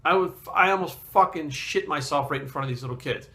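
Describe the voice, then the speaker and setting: A man talking straight to camera in a casual vlog, a fitness trainer spinning a story. His voice sits a touch high and rings bright and forceful, and he is blunt and animated, with swearing in almost every line. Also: fast.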